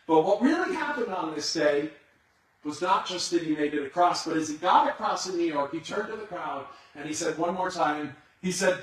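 A man's voice: fairly high pitch, animated, normal speed. A man preaching a sermon as a dramatic storyteller who builds suspense. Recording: echoey hall, far from the mic.

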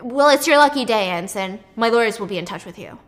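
A woman's voice: on the high side, animated, fast, fairly bright tone. An arrogant, curt rich businessman, as a woman puts him on while telling a story. He talks in clipped, impatient bursts and sounds irritated at everyone around him. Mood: cold.

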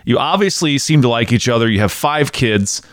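A man's voice: mid-range voice, lively intonation, moderate pace, no room sound, clean studio sound. A man hosting a podcast interview, joking and teasing his guests in a casual chat. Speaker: podcast host.

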